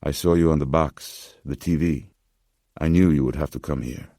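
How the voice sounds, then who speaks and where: A man voicing an anxious, formal old male pawnbroker with a Slavic-tinged accent, speaking slowly in grave, hushed insistence. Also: a bass voice, fairly even intonation, no room sound, clean studio sound. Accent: Slavic-tinged, as put on.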